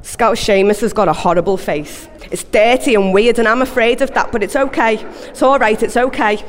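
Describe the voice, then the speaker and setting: A woman's voice: fairly high pitch, moderate pace. Woman performing spoken word, hall echo. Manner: rambling, anxious, repetitive monologue. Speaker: poet. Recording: long hall reverb.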